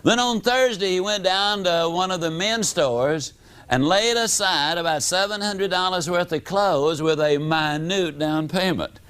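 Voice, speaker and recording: A man, giving a motivational seminar talk as a storyteller, animated, with dramatic swings in pitch and loudness. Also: unhurried, smooth. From United States. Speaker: motivational speaker.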